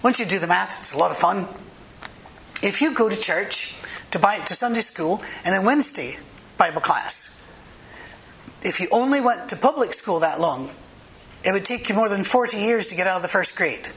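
A man's voice: sits high, animated, moderate pace, fairly bright tone, rough recording. A man pastor delivering a sermon, mixing humorous anecdotes and asides with short, emphatic commands.

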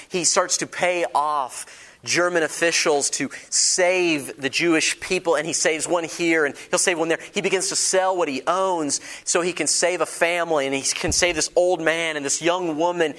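Dramatic storytelling male pastor. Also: fairly high pitch. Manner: dramatic shifts from loud to hushed, storytelling with humor; asks the congregation questions. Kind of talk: sermon.

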